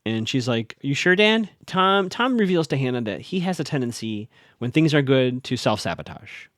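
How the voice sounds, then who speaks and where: Male podcast host, mid-pitched, dry close mic, animated casual recap with fillers and blunt asides. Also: normal speed, no echo.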